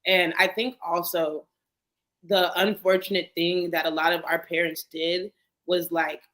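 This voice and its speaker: A young woman, a podcast guest, talking fast and animatedly in casual conversation, often asking "you know what I'm saying.". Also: on the low side, flat delivery, a bit bright, rough recording. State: getting emotional.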